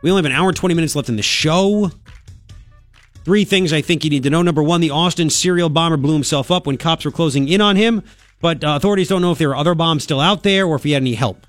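A man hosting a talk radio show, opinionated and sarcastic, with quick asides. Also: a little high, no echo, faint music behind. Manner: brash, sarcastic, rapid asides. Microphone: studio microphone.

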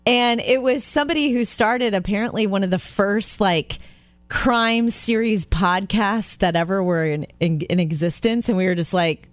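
A woman co-hosting a radio show, chatty and lively as she tells stories. She jumps into the voices of the people in them. The studio sound is dry and close. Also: medium pitch, moderate pace, no echo, soft background music. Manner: animated storyteller, acts out quoted voices. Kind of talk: morning radio chat and storytelling.

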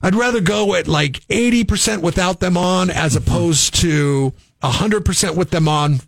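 A man's voice: sits high, normal speed, vocal fry, no echo. A man co-hosting a casual morning radio show, rambling wryly through stories. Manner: rambling, wry, storytelling.

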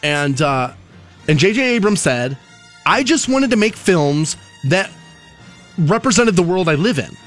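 A man's voice: high voice, big pitch swings, a little slow, a bit bright, soft background music. Rambling casual male talk show host. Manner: rambling, conversational, with restarts.

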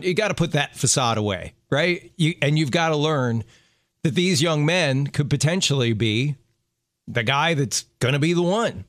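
A man's voice: fairly high pitch, expressive, moderate pace, fairly bright tone, no echo, studio quality. A man in his fifties hosting a radio show, talking in an earnest, friendly way. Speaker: radio host. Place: radio studio.

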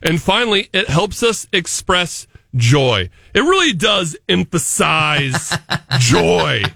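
A man's voice: a little high, sing-song, slow pace, gravelly, sharp tone, husky, dry recording, clean studio sound. A male morning radio host bantering with his co-host in a playful, teasing, mock-dramatic way. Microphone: studio microphone.

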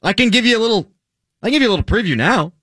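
A man hosting a sports talk radio show, sarcastic and animated, reading stats with mock drama in casual banter. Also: high voice, rapid-fire, no echo, studio quality.

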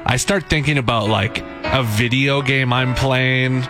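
A man co-hosting a morning radio show, easygoing and quick to laugh in casual banter. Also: mid-range voice, fairly even intonation, over music. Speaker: radio co-host.

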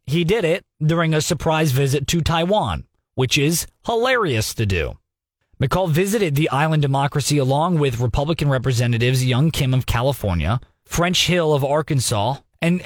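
A young man hosting a radio news talk segment, giving sarcastic, animated commentary with mocking asides. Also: a little high, no echo, studio quality.

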